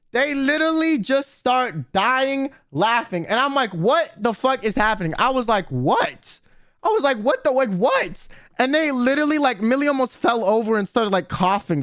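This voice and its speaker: A young male streamer with a notably high voice tells a chaotic story in casual, profane bursts. He loops through "like" and restarts and acts out quoted lines as he goes. Faint music plays underneath. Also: smooth, no room sound, clean studio sound. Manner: animated, swearing, quick filler-heavy retelling with acted quotes.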